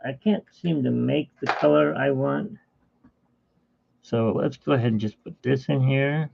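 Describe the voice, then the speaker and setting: A man's voice: medium pitch, unhurried, gravelly, no room sound, muffled recording. A man chatting casually during a home art livestream, rambling and talking fondly to his cat. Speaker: artist streaming a painting session. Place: home studio.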